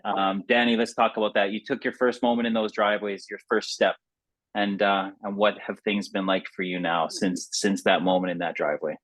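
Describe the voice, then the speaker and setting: A man's voice: fairly low pitch, fairly even intonation, moderate pace, fairly bright tone, dry recording. A man hosting an interview podcast, easygoing and supportive, leaning on playful sports metaphors in casual chat. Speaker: podcast host. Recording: dry, dull lo-fi sound.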